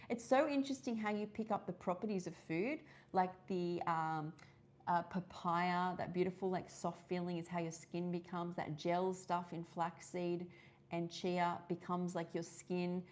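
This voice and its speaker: A woman's voice: fairly low pitch, steady tone, unhurried, a little mellow. An Australian woman hosting a casual live-stream chat, rambling and chatty with many fillers and restarts. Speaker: host of a live wellness session.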